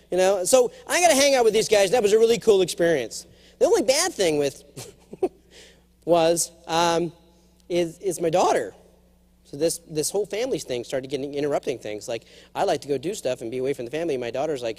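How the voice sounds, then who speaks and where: A man in his forties giving a humorous conference keynote, telling stories and jumping into acted quotes. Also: fast talker. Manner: animated storyteller, jumps to high acted quotes. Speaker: keynote speaker. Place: large conference hall.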